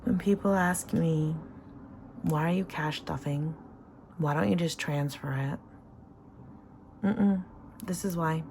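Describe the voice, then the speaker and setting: Woman vlogger, casual and emotional, creaky low voice, noisy home recording. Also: slow, pauses often. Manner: excited, emotional, counting money aloud. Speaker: savings vlogger. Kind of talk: casual cash-stuffing vlog.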